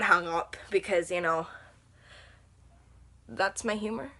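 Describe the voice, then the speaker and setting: A woman's voice: medium pitch, a little slow, pauses often, a bit bright. A woman telling a rambling storytime to camera in a casual vlog, full of fillers, sitting at home under a lamp. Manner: rambling, chatty, lots of fillers. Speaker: vlogger.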